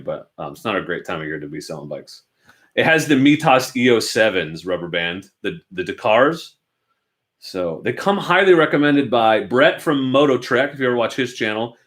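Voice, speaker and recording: A man's voice: on the low side, expressive, fairly quick, a bit bright. Casual rambling man in a garage. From Oregon, United States. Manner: rambling, self-deprecating, chatty with viewers. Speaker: motorcycle channel host. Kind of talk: casual livestream chat answering viewers. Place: cluttered home garage with motorcycles.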